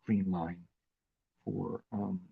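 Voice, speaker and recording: A man hosting a live craft demonstration, talking in an unhurried, chatty way with plenty of fillers as he works with his hands. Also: sits low, little pitch movement, vocal fry, narrow, tinny audio, slight background noise. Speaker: craft demo host.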